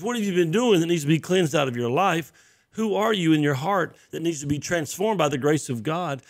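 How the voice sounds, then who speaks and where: A man preaches in a conversational yet emphatic way, circling back over his phrases to drive each point home. His voice sits a little high for a man and carries a gravelly, fry-edged texture. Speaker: pastor. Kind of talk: sermon.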